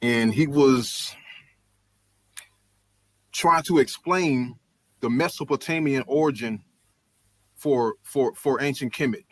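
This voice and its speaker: A man's voice: medium pitch, slow, long pauses, no echo. A man calling in to a live stream, talking casually and hesitantly with many ums and short laughs. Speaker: caller. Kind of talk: casual call-in conversation.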